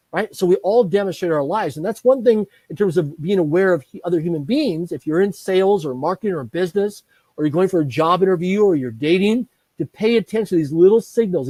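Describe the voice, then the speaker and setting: A middle-aged man speaks with an energetic, animated drive, piling up lists and acting out little dialogues. His voice sits a touch high for a man but sounds warm and mellow. The recording is close and dry. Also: breathy edge, no room sound. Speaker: guest speaker, business trainer. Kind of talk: animated interview storytelling.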